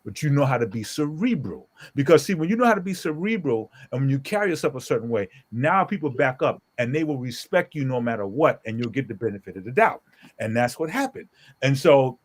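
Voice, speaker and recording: A middle-aged man, a pastor, telling a story in a casual group talk, animated and emphatic, often checking in with "okay?". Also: medium pitch.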